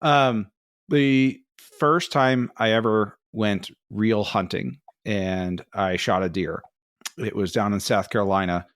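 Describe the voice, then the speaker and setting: A man's voice: fairly low pitch, steady tone, slow, dry recording. Dry-voiced man telling a casual story. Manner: rambling, self-deprecating storyteller. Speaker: podcast co-host.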